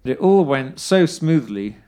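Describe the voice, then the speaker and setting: A man's voice: mid-range voice, animated, takes it slowly, dark tone, clean tone. A man telling a funny personal story in a wry, self-deprecating way, swearing freely. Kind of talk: anecdotal storytelling, casual.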